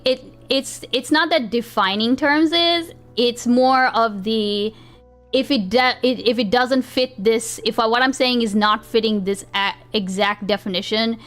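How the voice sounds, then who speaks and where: A woman's voice: fairly high pitch, a bit bright. A woman livestreamer chatting casually with her chat, rambling, restarting sentences and laughing often. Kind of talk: casual live-stream chat. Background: faint chill background music.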